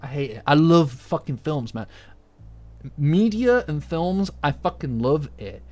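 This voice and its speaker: A man's voice: on the high side, animated, a little mellow. A British man chatting casually to his stream audience, rambling, swearing and getting worked up. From Britain. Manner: rambling, profane, quickly agitated. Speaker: anime commentator. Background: faint lo-fi music.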